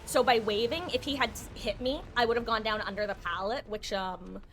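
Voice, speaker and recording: A woman with a fairly high, steady voice talks briskly over a noisy background. She's live-streaming a game, chatting casually and rambling to her viewers, laughing often and correcting herself.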